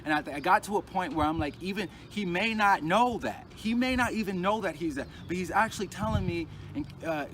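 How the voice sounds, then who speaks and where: A man tells a rough personal story in a casual, halting way, stumbling over restarts and circling back on his own phrases. His voice sits a little high for a man. Loud street traffic runs behind him outdoors. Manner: halting and agitated, many restarts and repeated phrases. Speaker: storyteller recounting a personal ordeal.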